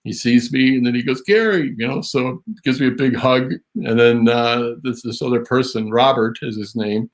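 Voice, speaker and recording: A man, a drum memorabilia historian, telling an anecdote as an interview guest in an animated way. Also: mid-range voice, normal speed, few pauses. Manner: animated storytelling, voice rises on quotes.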